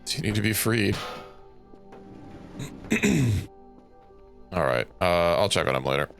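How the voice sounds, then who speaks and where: A man's voice: deep voice, expressive, a little slow, a bit bright, faint music behind. A young man streaming a game, thinking aloud in a rambling, casual way and correcting himself as he goes. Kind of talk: casual gameplay commentary.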